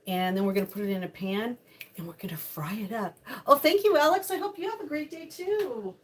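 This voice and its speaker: Speaking a little fast in a voice on the high side, an older woman hosts a casual live-stream cooking chat from her home kitchen. She's bubbly and chatty, greeting viewers by name.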